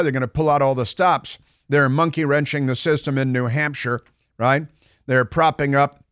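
A man's voice: mid-range voice, a bit bright. A man hosting a talk radio show, commenting in a sarcastic, mocking way with frequent restarts.

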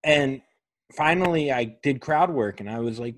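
A man's voice: mid-range voice, expressive, moderate pace, dry recording. A man who is a comedian hosting a podcast, telling a rambling story in casual chat and swearing often.

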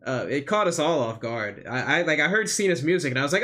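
Guy on a podcast rambling, ums and likes, kinda higher voice. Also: sing-song, fast, few pauses, bright, forceful tone. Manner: rambling, hesitant, many fillers. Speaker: podcast co-host. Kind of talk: casual wrestling recap chat.

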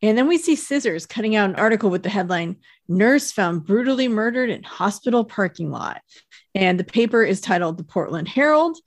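Woman podcaster walking through the story, even and chatty. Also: medium pitch. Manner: steady, detailed plot narration. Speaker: podcast co-host. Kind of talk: casual recap chat.

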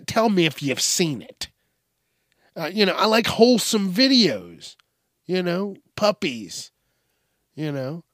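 A man hosting a podcast, ranting casually with lots of swearing and bursts of shouted acted-out bits. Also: on the high side, no echo, studio quality. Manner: profane, rambling, acts out bits in shouted voices. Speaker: podcast host. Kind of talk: casual comedic rant.

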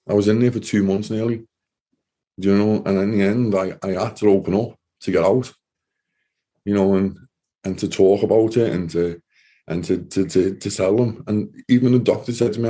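A man, a former soldier, giving halting, emotional testimony as an interview guest and often repeating his words. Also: sits low, fairly even intonation, mellow.

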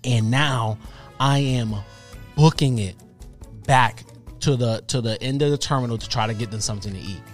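Soft music plays behind a man in his thirties who co-hosts a podcast. Speaking at medium pitch and normal speed, he tells a story casually and animatedly, performing the dialogue of the people in it.

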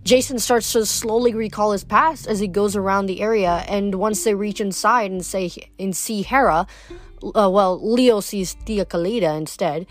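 A woman's voice: mid-range voice, moderate pace. A woman summarizing and then reading a novel aloud, with frequent restarts and self-corrections. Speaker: book reader.

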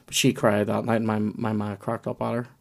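A man's voice: on the low side, level tone, a little fast, gravelly. A man, a podcast guest, telling football stories in an easygoing, sweary way. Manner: laid-back, sweary storytelling. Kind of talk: casual football chat.

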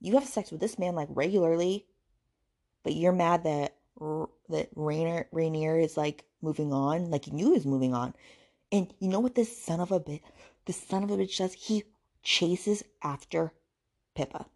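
Woman host, mellow lowish voice, sarcastic exasperated rant, casual swearing. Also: normal speed. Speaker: podcast host reviewing books. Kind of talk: ranting book review.

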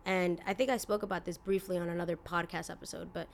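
A woman in her twenties hosts a podcast, her voice fairly low, gravelly, and steady as she talks at a quick pace. The casual opinion monologue is blunt and indignant, loaded with "like" and a few swear words.

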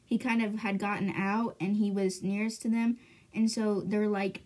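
A woman's voice: mid-range voice, fairly even intonation, a little fast, dark tone. A woman hosting a podcast, casually retelling a book's chapters in a chatty way full of "like" and "you know". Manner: chatty, filler-heavy, lots of "like" and "you know". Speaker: podcast host. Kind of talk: casual book recap.

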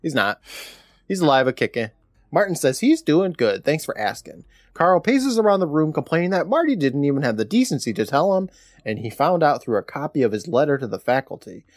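Lively sarcastic podcast host, dry sound. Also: male voice, on the high side, fairly quick, no echo. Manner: sarcastic, jokey storyteller. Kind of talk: casual episode recap.

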